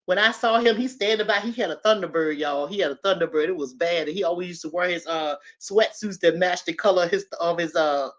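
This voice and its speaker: A woman's voice: on the low side, brisk, hardly any pauses. A woman, telling a personal story and talking straight to her listeners. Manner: animated, talks straight to listeners.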